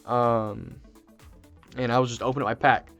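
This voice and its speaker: Male host, mid pitch, chatty and excitable, rambling storyteller; faint music underneath. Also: normal speed, dull audio. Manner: excitable, rambling, many fillers and restarts. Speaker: channel host. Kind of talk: casual storytelling to camera.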